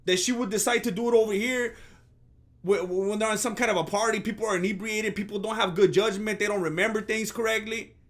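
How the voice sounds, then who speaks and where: A man's voice: sits high, fairly even intonation, brisk, fairly bright tone. A man hosting a comedic commentary rant, sarcastic and mock-outraged. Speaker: commentary channel host.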